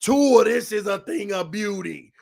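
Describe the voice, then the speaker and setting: A man hosting a fan sports channel, talking in loose, animated commentary that swings between shouting and laughing. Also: sits high, unhurried, creaky. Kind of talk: casual fan commentary livestream.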